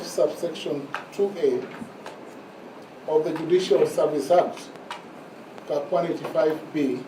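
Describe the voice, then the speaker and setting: Lawyer guy addressing the judges, formal and deliberate, slightly high voice, far off in an echoey noisy courtroom. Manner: formal, measured, repeats "my lords" and slows to stress points. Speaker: advocate arguing in court. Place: large courtroom. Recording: echoey courtroom heard from a distance with noise.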